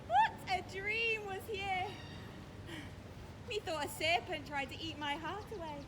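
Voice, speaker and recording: A woman's voice: very high-pitched, a little slow. A woman playing the devoted young woman Hermia in an outdoor production, speaking verse earnestly. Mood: terrified. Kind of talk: outdoor stage acting of verse. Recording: outdoor recording with loud traffic and background noise.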